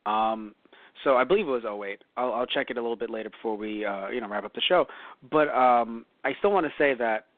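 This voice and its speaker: A man's voice: mid-range voice, a little fast, dry recording. A man from New York co-hosts a casual chat, circling his points with fillers and self-corrections. His voice sits in the middle range. The recording is dry and thin, like a phone line. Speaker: podcast co-host.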